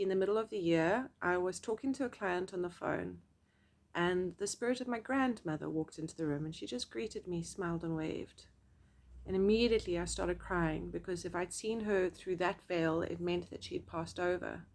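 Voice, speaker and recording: A young adult woman, a psychic medium telling a personal story to camera in a chatty, expressive way full of fillers. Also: mid-range voice.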